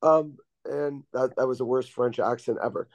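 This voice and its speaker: A man who is a guest on a podcast, telling casual stories in a relaxed, rambling way with many fillers over a video call. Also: mid-range voice, moderate pace, no echo. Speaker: guest, former pro hockey defenseman. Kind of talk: casual storytelling. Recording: dull dry lo-fi recording.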